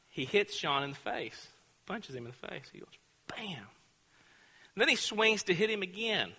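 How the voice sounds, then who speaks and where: Bright-voiced preacher man in a reverberant hall. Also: on the high side. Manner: storytelling, acts out voices, builds to fervent preaching. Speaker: pastor. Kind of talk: sermon with personal story.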